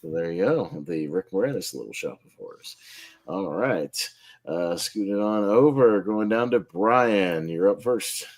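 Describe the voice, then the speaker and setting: A man's voice: deep voice, lively intonation, a little slow, a little mellow. A man hosting a casual online group chat, upbeat and laughing often as he runs the votes. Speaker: host.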